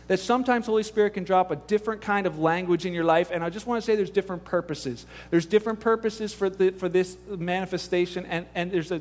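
A middle-aged male pastor preaching a sermon in a conversational, animated way, acting out quoted voices. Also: high voice.

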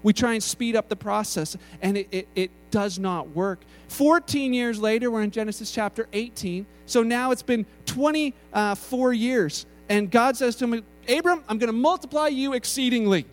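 A man's voice: sits high, fairly even intonation, normal speed, few pauses. A man preaching a sermon in a casual, conversational way, often restarting his sentences.

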